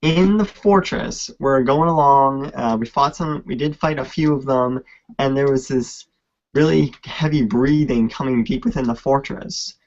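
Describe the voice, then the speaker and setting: A man on a podcast telling a tabletop game story at a slow, halting pace, full of fillers, on a lo-fi recording. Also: medium pitch, a little mellow. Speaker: podcast co-host.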